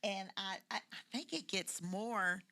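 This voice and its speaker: Twangy older Kentucky woman, bright. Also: mid-range voice, unhurried, gravelly. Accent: Kentucky, country twang. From Louisville, Kentucky. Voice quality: soothing voice. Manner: folksy, repeats phrases for emphasis. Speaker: podcast guest, author. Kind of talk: casual chat.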